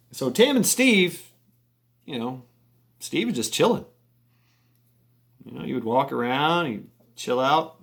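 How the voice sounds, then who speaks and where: A man telling a long story casually, with frequent restarts, chuckles and casual swearing. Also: mid-range voice.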